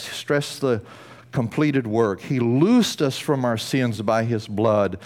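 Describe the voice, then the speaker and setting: A man preaching a sermon from a church, emphatic, building to bursts of intensity and then dropping low and slow. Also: lively intonation, darkish tone. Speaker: pastor.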